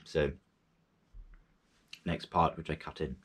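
A man talking casually to camera about a poem, halting often with fillers and restarts, and reciting it in French with an English speaker's accent. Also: very deep voice, fairly even intonation, a bit bright, slightly rough. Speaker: language learner reciting poetry.

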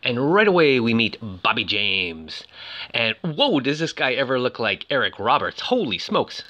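A man's voice: medium pitch, sing-song, moderate pace, pushed and bright, faint music behind. A man giving casual, playful commentary over film clips, full of fillers and cheeky asides. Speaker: film reviewer.

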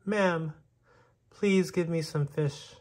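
A man's voice: fairly high pitch, slow, darkish tone, pitched above the performer's own voice. A man voicing a timid little mouse who keeps begging for help, in a storybook reading. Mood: pleading. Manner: pleading, breathless.

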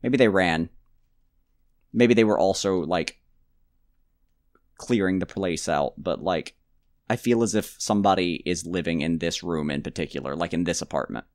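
A man's voice: sits low, normal speed, pauses often, dry recording, studio quality. A man casually commenting on his own gameplay, rambling and joking to himself with mock outbursts. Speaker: let's play gamer.

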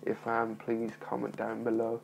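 Young male vlogger, gravelly, mild speech impediment, shy and apologetic, recorded on a phone. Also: fairly low pitch, completely flat delivery, normal speed, slight background noise, rough recording. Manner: nervous, apologetic, rambling with many fillers. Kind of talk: casual talking-to-camera vlog.

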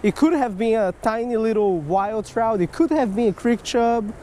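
Man, high voice, excitable fishing vlogger; outdoor creek take, faint traffic hiss behind. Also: normal speed. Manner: excitable, swings from hushed to yelling. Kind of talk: casual outdoor fishing vlog.

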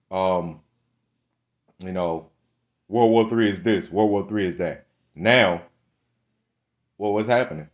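A man's voice: fairly low pitch, a little mellow. A young man preaching a blunt, fiery monologue, cursing often and tagging his lines with "man" and "right?". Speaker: religious speaker.

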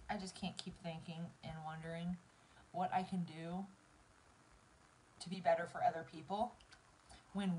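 This woman's voice sits fairly low and sounds a little mellow, caught on a low-quality recording with slight hiss or hum. In her thirties and Southern American, she chats casually to her live-stream viewers during her makeup routine, tearful and close to crying as she addresses them directly.

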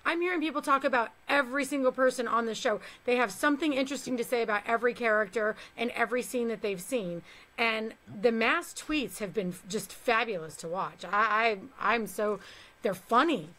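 A woman's voice: a little high, brisk, a bit bright. Gushing, chatty woman interviewer. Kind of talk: casual interview chat.

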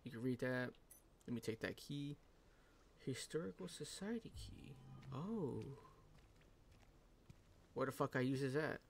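A man's voice: medium pitch, expressive, unhurried, creaky, long pauses, slight background noise. A young man giving profane, joking let's-play commentary and laughing often. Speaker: gaming channel host.

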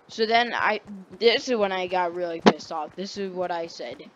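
A man's voice: high-pitched, unhurried, dull audio, slight background noise. A teenage boy telling a casual story-time tale, rambling and correcting himself often. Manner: rambling, full of fillers and self-corrections.

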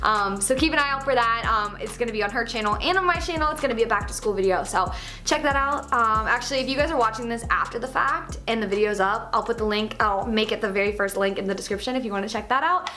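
A young woman with a high, bright voice wraps up her vlog in an upbeat, chatty way. She thanks her viewers and rambles on with "um" and "like". Faint music plays underneath. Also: fast talker. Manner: upbeat, filler-heavy sign-off to viewers. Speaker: YouTuber. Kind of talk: casual vlog outro.

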